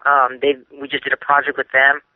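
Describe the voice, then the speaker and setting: A man's voice: mid-range voice, monotone, brisk, no echo. A man calling in by phone as an engineer and manager, rambling with many fillers. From San Francisco Bay Area. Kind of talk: phone-in update. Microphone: telephone. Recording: dry tinny phone line.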